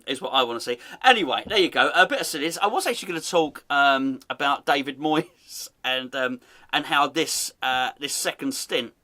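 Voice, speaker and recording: His voice sits on the high side, pushed and bright. He hosts a laid-back comedic football podcast, chatting in an amused way, teasing constantly and laughing a lot.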